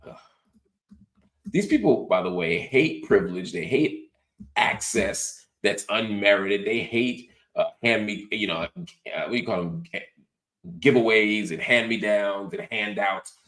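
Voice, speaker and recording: A middle-aged man hosting a political commentary show, talking in an animated, sarcastic way with mocking asides. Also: on the low side, measured pace. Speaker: host.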